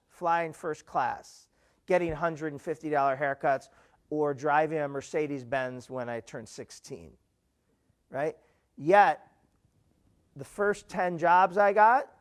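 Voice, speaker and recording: Man, keynote speaker, animated delivery, slightly higher voice, keeps checking in with the crowd. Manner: animated, repeats "right?" to engage the audience; acts out quoted voices with big pitch jumps. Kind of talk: live keynote talk.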